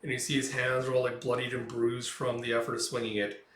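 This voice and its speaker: A man's voice: mid-range voice, monotone, fast, a bit bright, roomy sound, far from the mic. Rambling man recapping a comic. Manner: rambling, lots of "like". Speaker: comic reviewer. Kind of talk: casual comic read-through commentary.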